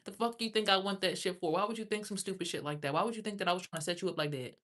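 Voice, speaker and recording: A woman's voice: medium pitch, rapid-fire, fairly bright tone. A woman livestreaming, talking casually and at length to her viewers, rambling and swearing freely. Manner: rambling, profane, talks straight to viewers.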